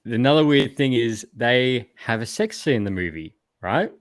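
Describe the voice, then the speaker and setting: A man chats over a video call, rambling and ranty, sometimes swearing. His voice sits at a middling pitch for a man. The sound is dry, with little room around it. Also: lively intonation, normal speed, no room sound. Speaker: podcast host. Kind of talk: casual chat.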